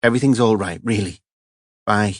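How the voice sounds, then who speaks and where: A man voicing a calm woman leaving a reassuring voicemail in an audiobook. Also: fairly low pitch, moderate pace, slightly rough, no room sound, clean studio sound. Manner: soothing, reassuring. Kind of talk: audiobook character voice.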